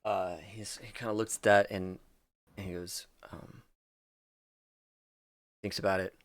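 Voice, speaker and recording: A man running a tabletop game as game master, narrating in a loose way with lots of fillers. His voice is low and sounds dry, close to the mic. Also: flat delivery, unhurried, dry recording.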